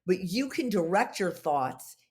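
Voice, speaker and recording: Woman guest rambling through stories on a podcast, animated, acts out the quotes. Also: on the low side, a little slow. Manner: animated, long-winded storyteller acting out quotes. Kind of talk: casual interview storytelling.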